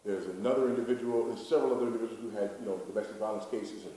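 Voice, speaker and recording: A man's voice: lowish voice, steady tone, rapid-fire, dark tone. A man from the United States preaching a sermon in an emphatic, rhetorical way, repeating his key lines. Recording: very echoey hall, distant mic, faint noise.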